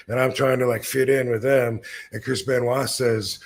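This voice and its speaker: A man in his fifties with a gravelly, rough-edged voice, spinning a loose, rambling story on his podcast. He swears freely and pokes fun at himself as he goes. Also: mid-range voice, level tone, normal speed, slight background noise. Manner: rambling, profane, self-deprecating storyteller. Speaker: podcast host. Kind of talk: casual storytelling.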